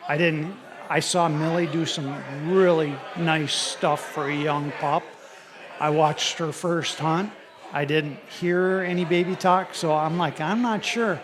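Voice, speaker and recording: A man's voice: on the high side, measured pace. Chatty man telling stories over a crowd. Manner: rambling, animated storytelling. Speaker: audience member asking a question. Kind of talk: live podcast chat with audience. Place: brewery with live audience. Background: crowd noise.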